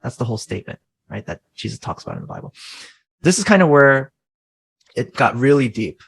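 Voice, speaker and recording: A man's voice: mid-range voice, very animated, brisk, creaky, a bit bright, breathy edge, rough recording. A man in his thirties, a guest coach in a conversational interview, speaking in an earnest, reflective way and often checking in with "right?".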